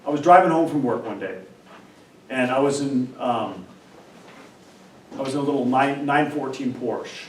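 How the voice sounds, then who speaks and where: A man, a professor, talking in an animated, emphatic way and telling a story, often repeating and restarting words. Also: medium pitch, normal speed, long pauses. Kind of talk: animated casual discussion and storytelling. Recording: roomy, distant mic, faint background noise.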